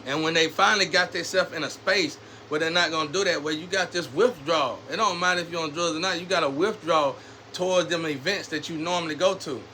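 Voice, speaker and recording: Talking fast, a man in a high, bright voice delivers a rambling, casual rant to the camera in street slang. He is preachy and animated, moving from lecturing to telling his own story, while a faint ambient hum lingers behind him.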